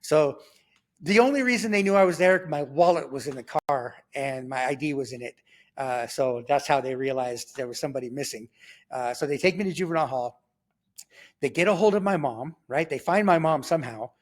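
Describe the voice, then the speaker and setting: A man, telling his life story in a casual, animated way, acting out quotes and laughing as he goes. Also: medium pitch, brisk. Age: 50s. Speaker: guest telling his testimony. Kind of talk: conversational storytelling.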